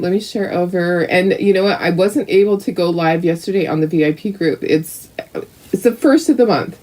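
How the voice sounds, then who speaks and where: A woman's voice: medium pitch, a little mellow, poor audio. A middle-aged woman hosting a casual live craft painting tutorial, chatting and greeting viewers by name.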